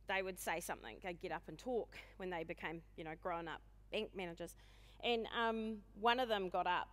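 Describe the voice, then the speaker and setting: A woman in her forties with a New Zealand accent, giving a humorous, self-deprecating keynote talk in a loud, booming voice and speaking fast. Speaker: conference speaker. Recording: long hall reverb.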